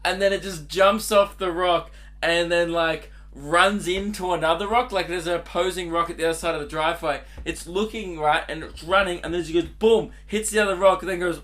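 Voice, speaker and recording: A young man talks alone into his podcast mic, rambling and giggling through crude stories. His voice sits a little high for a man and rings bright and forceful. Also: fairly even intonation, fairly quick. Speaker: podcast host. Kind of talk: casual solo podcast monologue.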